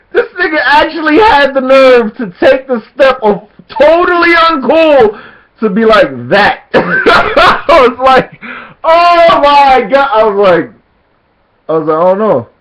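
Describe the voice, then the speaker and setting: A man's voice: extremely high pitch, slow pace, long pauses, poor audio. A man telling a casual story to his camera, laughing often and acting out what people said. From Jamaican heritage. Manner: animated storytelling, laughs often, acts out quotes.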